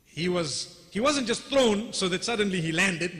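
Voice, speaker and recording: Man, preacher, earnest explanation, high pitch, bright tense voice. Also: animated, moderate pace, breathy edge. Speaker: preacher in a played clip. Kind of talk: religious explanation.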